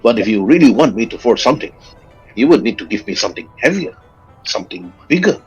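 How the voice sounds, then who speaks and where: A man voicing a burly, blunt male blacksmith who is also a butcher, talking with drawn-out pauses and sudden pitch jumps. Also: sing-song, slightly rough, dull audio, soft background music. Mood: gruff.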